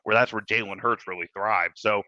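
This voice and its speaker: A man's voice: on the low side, steady tone, fairly quick, sharp tone, no room sound. A man co-hosting a casual live stream, laid-back and chuckling. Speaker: co-host. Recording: dull lo-fi sound.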